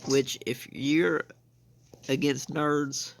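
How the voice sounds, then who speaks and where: A man's voice: mid-range voice, level tone, extremely slow, vocal fry. A young man from the United States rambling through casual gameplay commentary, saying "I mean" and "bro" again and again. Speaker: gaming channel host.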